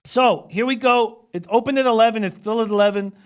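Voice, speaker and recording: A man with a fairly high voice hosts a live betting stream, running through odds, averages and line moves. He talks quietly and close to the mic, and he keeps the numbers coming fast. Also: clean tone. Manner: rapid stat-heavy rundown, reads out chat comments. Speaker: sports betting analyst.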